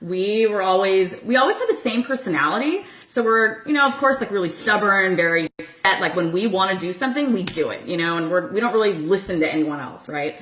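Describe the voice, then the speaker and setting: Animated young woman, bright and echoey. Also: mid-range voice, fairly quick, hardly any pauses, slight background noise. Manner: animated, laughing storyteller with lots of "like". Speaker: host. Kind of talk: casual chat.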